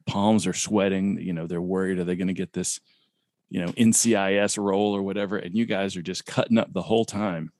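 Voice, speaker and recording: A man's voice: on the low side, no room sound. A man who is not an actor, co-hosting a podcast and riffing in a rambling, joking way. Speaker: podcast co-host, non-actor. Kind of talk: casual chat.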